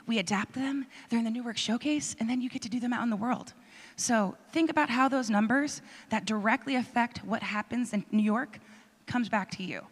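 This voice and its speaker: A woman's voice: on the high side, brisk. A woman hosting a panel on stage, enthusiastic and rallying, addressing a young audience in a large auditorium. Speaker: host. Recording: reverberant hall.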